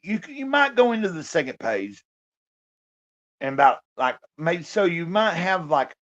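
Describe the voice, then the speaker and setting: A man's voice: on the high side, very animated, moderate pace, a bit bright, highs cut off. A man vlogging in a casual, rambling monologue, full of fillers and the odd swear word. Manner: meandering, lots of fillers and swearing.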